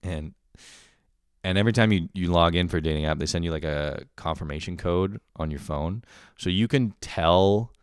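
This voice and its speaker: A young man from Canada talks solo for his podcast, rambling loosely and swearing freely. His voice sits low and deep. The recording is dry and close, with no room sound. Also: normal speed, clear, resonant tone, dry recording. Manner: profane, rambling, laughing often. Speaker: podcast host. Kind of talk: casual monologue.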